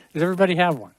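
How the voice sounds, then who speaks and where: A man's voice: sits high, creaky, no echo. A middle-aged man teaching a Hebrew class in a classroom, explaining at length with friendly asides and small jokes. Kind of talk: classroom lesson.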